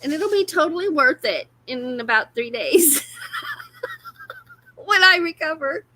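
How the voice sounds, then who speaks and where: Woman, livestream host, high bright voice, unhurried, chatty, laughs a lot. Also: lively intonation. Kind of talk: casual livestream chat.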